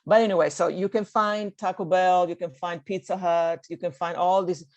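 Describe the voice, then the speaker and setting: A woman's voice: fairly low pitch, steady tone, moderate pace. Woman with an Italian accent, language teacher, online class, encouraging, frequent "okay?". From Italy. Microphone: video call.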